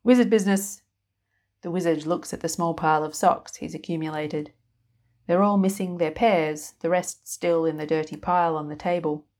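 A woman narrating a story in an even, wry storytelling manner. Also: deep voice, normal speed. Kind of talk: scripted narration.

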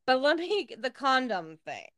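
A woman's voice: high-pitched, big pitch swings, unhurried, fairly bright tone, dry recording, studio quality. A young woman co-hosting a podcast, telling embarrassing stories in a casual, laughing, expletive-heavy way. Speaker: podcast co-host. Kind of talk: casual storytelling chat.

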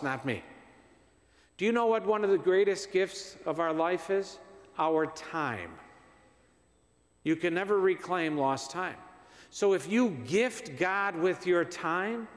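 Male priest, high voice, conversational homily, tired, reverberant church. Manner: conversational, repeats himself for emphasis, asks the congregation questions. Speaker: visiting priest. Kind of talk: parish mission homily.

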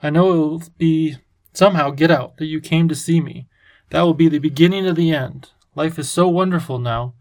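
A man voicing an excitable, lovestruck creature king who talks with a lisp. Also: on the high side, normal speed, natural voice. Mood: worried.

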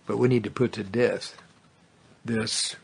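A man preaching a fervent sermon that builds to loud exclamations, then leads a prayer. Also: lowish voice, steady tone, a little slow, gravelly, husky. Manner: fervent, rising to exclamations, tongues.

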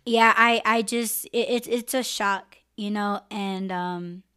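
A woman's voice: medium pitch, fairly even intonation, slow pace, sharp tone, clean tone. A woman hosting a live-stream podcast, talking candidly and emotionally and swearing freely. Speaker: podcast host.

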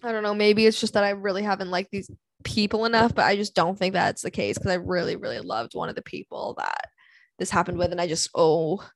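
A young woman hosting a solo podcast rants frankly about her dating pet peeves in an expressive, fairly quick, medium-pitched voice with vocal fry. The recording is dry. She swears freely, sighs often and stays blunt and dramatic.

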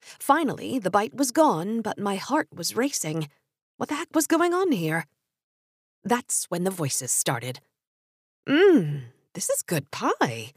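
A young adult woman telling a first-person story with expressive storytelling narration. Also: mid-range voice, measured pace, slightly rough, no room sound, studio quality.

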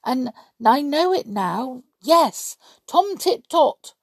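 A timid little male gnome from a storybook, pleading and anxious, as a woman reading aloud puts him on. The voice sits a bit higher, with a gravelly, husky edge. He talks slowly. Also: expressive, dry recording, studio quality, exaggerated voice. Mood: defiant.

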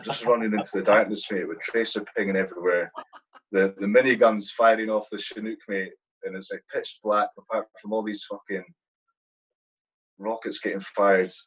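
Husky, swearing soldier telling war stories. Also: male voice, fairly low pitch, fairly even intonation, normal speed, a bit bright, rough recording. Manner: swears constantly, says "mate" a lot. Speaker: guest, army platoon sergeant. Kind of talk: casual interview storytelling.

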